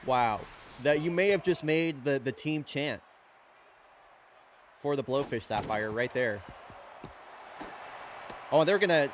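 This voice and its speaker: A man's voice: mid-range voice, expressive, slow pace, long pauses, a little hiss or hum. A man hosting and calling play-by-play for a fake baseball game, chatty and rattling off the action in a casual way. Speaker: play-by-play commentator and host.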